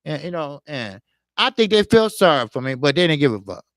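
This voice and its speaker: A man's voice: a little high, sing-song, fairly quick, no echo, studio quality. Man rambling through a street story. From Chicago, USA. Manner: rambling, heavy on "you know" and profanity. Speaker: boxing channel host. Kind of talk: casual storytelling.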